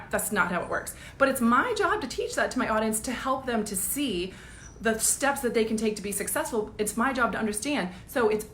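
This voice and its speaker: A woman business coach giving a casual live-streamed pep talk, energetic and blunt, laughing often and swearing casually. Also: mid-range voice, echoey room, slight background noise.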